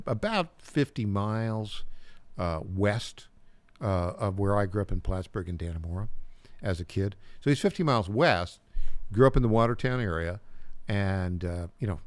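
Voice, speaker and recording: An older man hosts a talk radio show, telling stories in a loose, meandering way with repeated words and small chuckles. His voice sits a little low. The studio sound is dry and close, with no room around it. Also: dry recording. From upstate New York. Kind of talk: casual talk radio monologue. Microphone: studio mic.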